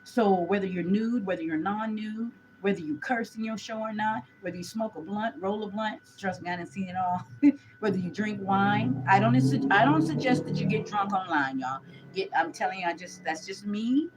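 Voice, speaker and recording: A woman's voice: mid-range voice, normal speed, over music, rough recording. A woman gives a chatty live tarot reading, talking straight to her viewers. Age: 40s. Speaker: tarot reader.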